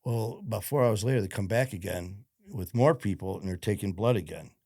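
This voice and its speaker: A man's voice: on the low side, fairly quick, dark tone, no echo, studio quality. A man from Detroit, a podcast guest who tells his story bluntly, swears freely and acts out the dialogue. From Detroit, USA. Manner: blunt, profane, retells events with quoted dialogue. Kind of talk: casual interview storytelling.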